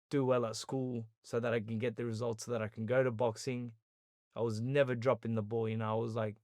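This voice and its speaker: An Australian man tells his story as a podcast guest, animated and lively, slipping into the voices of the people he quotes. His voice sits at an ordinary middle pitch for a man. The recording is close and dry, with no room sound. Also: dry recording. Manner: animated storyteller who acts out quoted dialogue. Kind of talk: storytelling interview.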